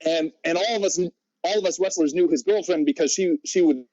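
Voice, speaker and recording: A man with a somewhat high voice tells a story on a podcast, rambling and restarting as he goes and breaking into laughter. The sound is close and dry, with a slightly dull, muffled quality. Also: fairly quick, a little mellow, dry recording. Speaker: guest, pro wrestler.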